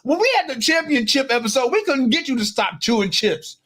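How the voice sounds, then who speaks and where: A man's voice: very high-pitched, animated, fairly quick, a crowd in the background. A man co-hosting a casual sports talk show, joking and needling the host.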